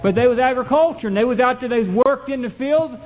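A man's voice: very high voice, fast, long reverb tail, a little hiss or hum. A man preaching a sermon and reading scripture in a folksy, emphatic way that builds to fervent peaks. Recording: dull lo-fi recording.

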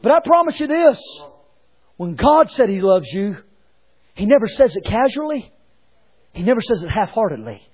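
A man preaching a sermon as pastor, swinging between hushed lines and shouted ones. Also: high-pitched, very animated, normal speed, pauses often, breathy edge, narrow, tinny audio.

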